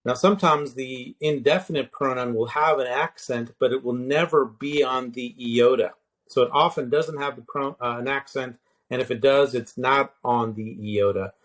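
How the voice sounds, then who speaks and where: In a casual, unhurried lesson, a mid-pitched man walks the listener through Greek grammar. He explains patiently, pausing on fillers and restarting sentences, and spells out each word form slowly.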